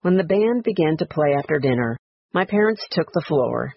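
A man reading a story aloud in a quiet, reflective, measured way, in a dry, slightly dull recording. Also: a little high, animated, dry recording. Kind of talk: read-aloud story narration.

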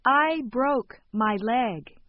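A woman reading short phrases calmly, with careful enunciation, for a language lesson. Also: a little high, very slow, dry recording. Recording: dull, lo-fi sound.

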